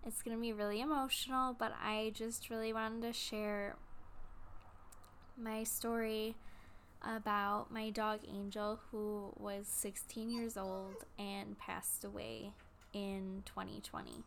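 Tearful young woman, slow halting story. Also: mid-range voice, flat delivery, fairly bright tone, slight background noise. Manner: halting, with many pauses and fillers. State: tearful, close to crying. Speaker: vlogger. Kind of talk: personal storytelling to camera.

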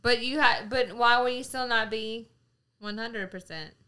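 A woman co-hosting a podcast in casual chat, giggly and quick to laugh along. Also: fairly high pitch, bright, forceful tone. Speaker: podcast co-host.

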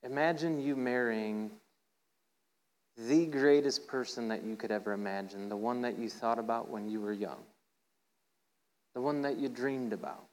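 A man's voice: normal speed, long pauses, a little mellow, rough recording. Playful, conversational male preacher. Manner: playful storytelling, acts out voices with rising pitch; conversational, asks "right?" often. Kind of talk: informal sermon.

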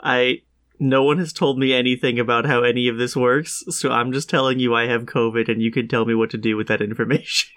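A man's voice: mid-range voice, fairly even intonation, brisk, fairly bright tone. A man co-hosting a casual podcast chat, sick with a cough, telling stories in a dry, wry way. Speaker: podcast co-host.

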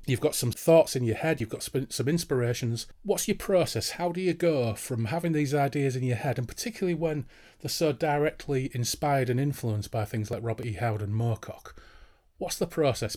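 A man's voice: medium pitch, brisk, a little mellow. Chatty male podcast host. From Hull, East Yorkshire, England. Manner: chatty, rambling into tangents. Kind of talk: casual interview chat.

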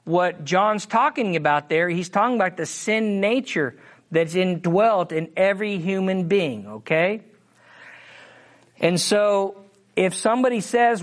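A preacher gives a Bible-teaching sermon in an expressive, mid-range voice. He often pauses to ask "Amen?" or "All right?" while reading scripture slowly and with emphasis.

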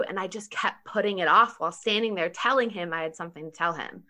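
A woman telling a personal story in casual conversation, animated, laughing often and saying 'like' a lot. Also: medium pitch, fast talker, few pauses.

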